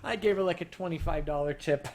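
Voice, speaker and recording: A man's voice: fairly high pitch, quick pace. Rambling older man telling tipsy stories. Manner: rambling, self-mocking, loud bursts on punchlines. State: drinking. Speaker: livestream host. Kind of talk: casual storytelling to a chat.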